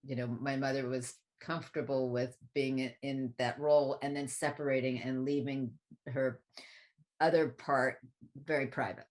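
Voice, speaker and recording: Low-voiced woman telling a personal story. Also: normal speed. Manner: reflective, animated when quoting others. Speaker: guest speaker on spiritual teaching. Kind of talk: conversational storytelling.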